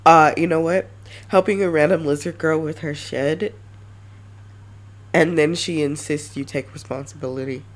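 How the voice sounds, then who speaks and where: A woman streamer chatting casually and brainstorming ideas, halting with many restarts. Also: deep voice, fairly even intonation. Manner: halting, many restarts, self-mocking laughs.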